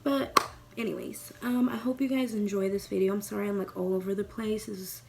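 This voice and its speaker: A woman's voice: medium pitch, fairly even intonation, a little fast, gravelly, very noisy. A young woman vlogging at home, chatting casually and rambling with lots of cursing while doing her makeup. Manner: chatty, profane, rambling and playful.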